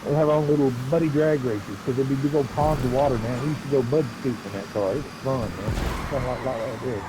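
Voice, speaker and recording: A middle-aged man hosts a live game stream, rambling in a folksy, laid-back way at a middling pitch. Constant car and engine noise runs under his voice. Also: fast. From Southwest Virginia, USA. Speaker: streamer and race host.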